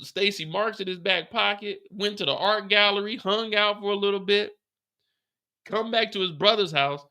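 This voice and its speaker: A man hosting a live after-show, recapping an episode in a profane, animated storytelling way. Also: sits high, no echo, clean studio sound. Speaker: show host.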